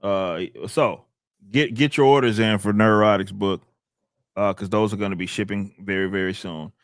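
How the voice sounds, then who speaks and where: A man's voice: fairly low pitch, steady tone, normal speed, dry recording, studio quality. A man hosting a casual podcast, laid-back and chatty as he reads out and thanks supporters. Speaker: podcast host reading donations.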